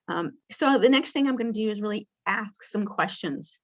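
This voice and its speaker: A woman's voice: medium pitch, animated, normal speed, muffled recording. A woman presenting a session on communicating with people with dementia, talking casually with lots of fillers and acting out what a caregiver might say. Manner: warm conversational teaching with many fillers; acts out caregiver lines in a bright, lifted voice. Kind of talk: interactive training session.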